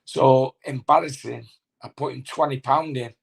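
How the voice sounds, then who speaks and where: Gravelly man telling a story. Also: medium pitch, steady tone. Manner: halting, with many restarts and fillers. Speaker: former boxer, interview guest. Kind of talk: casual anecdote telling.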